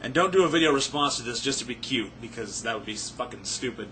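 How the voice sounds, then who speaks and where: A man's voice: medium pitch, lively intonation, quick pace, background noise. A man ranting profanely and sarcastically to camera as he answers viewer questions, rambling and a little drunk. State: tipsy, not sober. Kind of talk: casual rant to camera.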